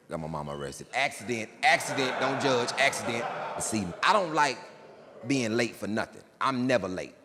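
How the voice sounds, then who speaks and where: A male comedian performing stand-up in a jail, his bright, forceful voice leaping up and down in pitch. The room adds a long reverb, and a faint hiss sits underneath. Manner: animated, swings into high excited shouts. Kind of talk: stand-up storytelling. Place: jail, large hard room.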